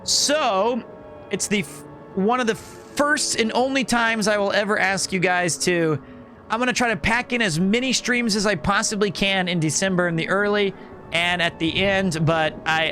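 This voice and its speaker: A man's voice: sits high, sharp tone. A man streaming a video game, chatting casually and rambling to his viewers between puzzles. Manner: chatty, rambling, talks to chat. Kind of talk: casual gaming stream chat.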